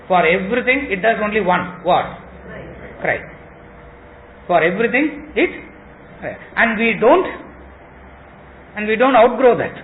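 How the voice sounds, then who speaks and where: A man teaches a scripture class. He repeats phrases and keeps asking the room rhetorical questions. The recording is thin and tinny like a phone line, with a faint hiss behind it. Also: sits high. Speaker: spiritual teacher.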